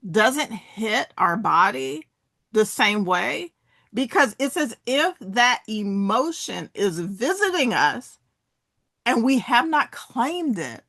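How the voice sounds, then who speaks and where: Lively, bright-voiced woman presenter. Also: mid-range voice, no room sound, clean studio sound. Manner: guides listeners through spoken exercises. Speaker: workshop presenter. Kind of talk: interactive wellness talk.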